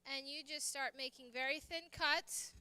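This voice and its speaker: A woman's voice: sits high, fairly even intonation, normal speed, sharp tone, dry recording. A woman chef giving a live cooking demonstration, chatty and telling stories while she works. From United States. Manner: chatty, anecdotal, talks while working. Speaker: guest chef. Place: church hall kitchen demonstration.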